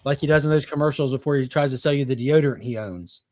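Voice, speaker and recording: A man's voice: medium pitch, fast talker, a little mellow, no room sound, clean studio sound. A man on a casual pop culture panel, giving blunt opinions and swearing freely.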